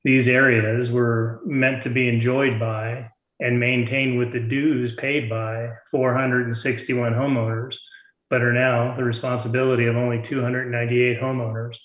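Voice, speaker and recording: A man giving a measured public comment as a homeowner at a city meeting, reading prepared points with a few hesitations. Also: medium pitch, little pitch movement. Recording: dull, roomy remote call audio.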